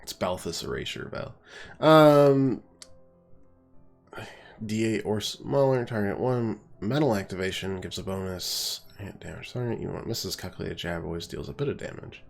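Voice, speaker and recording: A man's voice: lowish voice, animated, moderate pace, vocal fry, soft background music. A man with a stuffy nose giving casual, wry let's-play commentary, thinking aloud as he plays. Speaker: game streamer.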